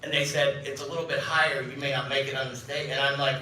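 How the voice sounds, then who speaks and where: A man's voice: fairly high pitch, quick pace, hardly any pauses, sharp tone, slight background noise. A man in his fifties giving a chatty, self-mocking keynote to a live audience, acting out the dialogue in his stories. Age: 50s. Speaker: keynote speaker. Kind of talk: storytelling speech to a live audience. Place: event hall. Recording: echoey hall from a distance.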